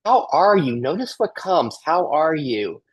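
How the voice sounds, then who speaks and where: A man leading a group workshop on a video call, asking gentle repeated questions and inviting everyone to join in. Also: a little high, very animated, measured pace, breathy edge, low-quality recording. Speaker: workshop leader.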